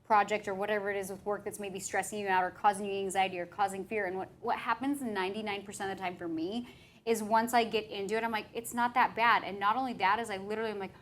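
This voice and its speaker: A woman's voice: medium pitch, fairly even intonation, fast talker, a little hiss or hum. A woman hosting a podcast in casual chat, a rambling, self-deprecating storyteller. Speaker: podcast host and hair trainer.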